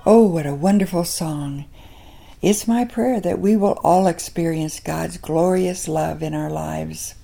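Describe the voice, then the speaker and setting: An older woman, a grandmother, hosting a devotional radio program and telling a personal story in a gentle, unhurried way. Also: sits low, gravelly, faint music behind.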